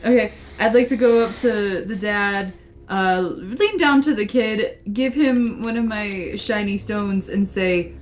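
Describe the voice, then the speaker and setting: A woman describes her character's actions in a tabletop game, playful and quick to giggle. She speaks slowly and unhurriedly. Faint music runs under her voice. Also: mid-range voice. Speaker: player. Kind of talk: casual tabletop play.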